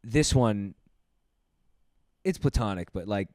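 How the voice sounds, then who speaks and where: A man's voice: on the low side, lively intonation, slow, a little mellow, no echo, studio quality. A man hosting a casual podcast chat, telling a rude story with lots of swearing and laughter. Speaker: podcast host.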